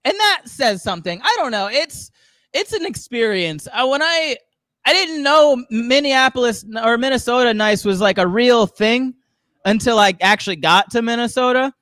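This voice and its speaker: A man's voice: extremely high pitch, animated, normal speed, bright, forceful tone, no echo, studio quality. A man from the Southern US doing a rambling stand-up comedy set, chuckling at his own jokes. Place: comedy show studio.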